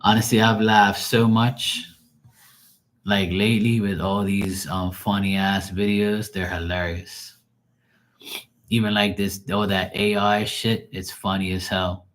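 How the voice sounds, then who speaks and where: A man spins rambling, profanity-laced stories for a livestream audience, often breaking into laughter. His voice sits on the low side, easy and conversational. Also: flat delivery, measured pace, a bit bright. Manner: loose, rambling storytelling with heavy slang and profanity. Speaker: streamer doing live tarot reads. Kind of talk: casual livestream chat.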